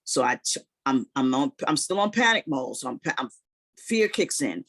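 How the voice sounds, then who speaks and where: A man retelling a personal story in casual talk, animated and full of "you know" and "like". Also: mid-range voice, normal speed.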